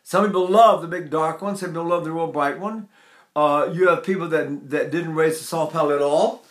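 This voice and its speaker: A man's voice: a little high, moderate pace. An older man teaching singing technique, talking in a rambling way and breaking into sung vowels to demonstrate. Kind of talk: vocal lesson with sung demonstrations. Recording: echoey room.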